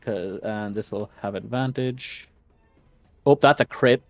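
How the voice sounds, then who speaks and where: A man's voice: fairly low pitch, slow, dry recording, soft background music. A man playing a tabletop game, talking casually with giggles and frequent swearing. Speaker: player.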